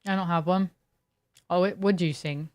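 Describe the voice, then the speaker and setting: A young woman streamer chats over her game, telling stories that wander and restart, full of "like" and "um." Her voice sits a little low and comes across smooth and clean. The sound is dry and close, with no room around it. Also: fairly even intonation, moderate pace, no room sound. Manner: rambling storytelling with many fillers. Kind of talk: casual chat while gaming.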